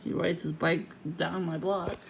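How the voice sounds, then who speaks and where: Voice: medium pitch, flat delivery, a little slow, vocal fry, a little hiss or hum, rough recording. An adult vlogger venting in a casual, profane rant to the camera, laughing often.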